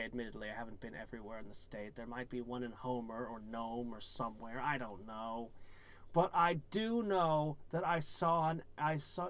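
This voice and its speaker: A man's voice: mid-range voice, fairly bright tone. A man casually playing a game on stream, reading the game text aloud and adding wry asides. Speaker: let's player. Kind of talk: casual gameplay commentary.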